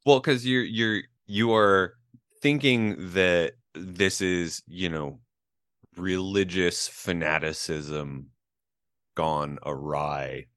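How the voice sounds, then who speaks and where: Deep-voiced man, halting podcast chat. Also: steady tone, a bit bright, no room sound, studio quality. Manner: hesitant, many fillers and restarts. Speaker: podcast co-host. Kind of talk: casual film review chat.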